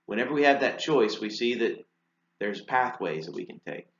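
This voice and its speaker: A man's voice: lowish voice, animated, moderate pace, gravelly. A man preaching a sermon in a conversational way, asking rhetorical questions and using casual fillers. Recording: roomy and slightly dull sound.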